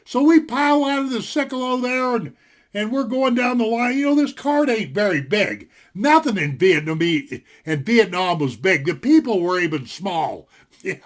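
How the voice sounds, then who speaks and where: Older man, high voice, casual rambling storytelling, lots of fillers. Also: animated, a little slow. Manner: folksy and rambling, with many fillers. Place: home desktop setup.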